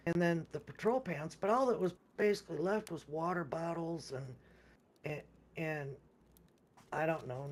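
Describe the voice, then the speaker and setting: Someone with a medium-pitched, darkish voice casually recounts a game session at length, rambling, restarting often and repeating words while acting out other people's lines as quotes. There's slight background noise.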